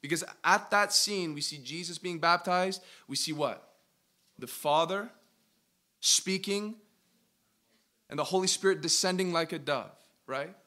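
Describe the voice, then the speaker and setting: Bright, emphatic male preacher. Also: on the high side. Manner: emphatic, questions the audience, slows to stress words. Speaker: pastor teaching a Bible study. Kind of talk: interactive sermon teaching.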